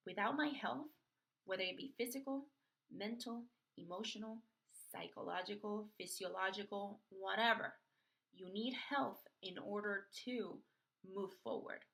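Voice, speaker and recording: A young woman hosting a podcast, telling a personal story in an animated way and acting out the voices of others in it. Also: mid-range voice, gravelly. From Florida. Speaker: podcast host.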